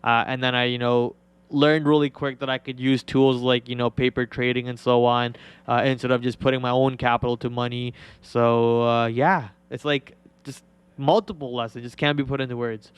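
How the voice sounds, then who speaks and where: A man's voice: medium pitch, little pitch movement, normal speed, smooth, no echo. A young man hosting a trading livestream, chatting casually and rambling with many fillers and restarts. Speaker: trading show host.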